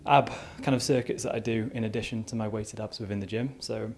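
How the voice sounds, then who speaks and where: A man's voice: lowish voice, fairly even intonation, brisk, a little hiss or hum. A young man talking casually to the camera as a fitness vlogger, outdoors in a garden, chatty and rambling with lots of "you know" asides. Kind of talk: casual vlog talk to camera.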